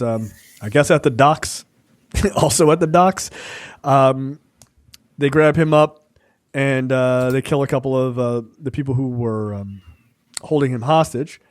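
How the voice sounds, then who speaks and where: A man co-hosting a casual film review podcast, talking loosely with many fillers and acting out scenes in quick quoted voices. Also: mid-range voice, no room sound, clean studio sound. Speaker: podcast co-host.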